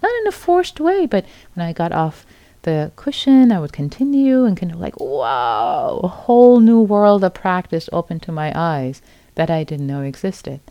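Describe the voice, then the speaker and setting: A middle-aged woman giving a gentle, repetitive dharma talk as a meditation teacher at a retreat center. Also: lowish voice, very animated, normal speed, dry recording, dull audio.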